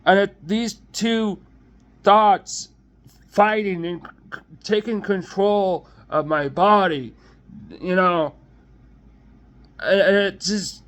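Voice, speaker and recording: Slow, halting young man, high-pitched. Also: a bit bright. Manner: halting, hesitant, many restarts and trailing off. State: emotional, close to tears. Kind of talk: personal confessional vlog.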